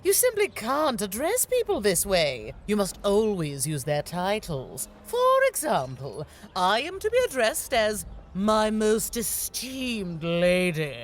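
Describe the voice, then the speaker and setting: Stuck-up game noblewoman, drawls slow, super swoopy. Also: on the high side, slight background noise, exaggerated voice. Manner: snobbish, affected, drawn-out. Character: snobbish noblewoman insisting on titles. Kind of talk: video game voice acting.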